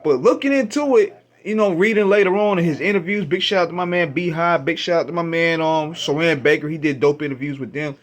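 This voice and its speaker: A man hosting a radio show, casually retelling his first listen to an album, with an animated, profane, laughing delivery. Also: fairly high pitch, brisk. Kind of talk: casual storytelling album review.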